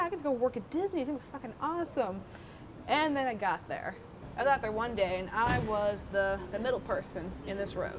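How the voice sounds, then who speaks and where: A young adult woman telling a story about her old job to the camera in a casual, animated way, swearing often. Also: mid-range voice. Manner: profane, animated, swears freely. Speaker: former theme park worker telling her story. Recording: noisy background.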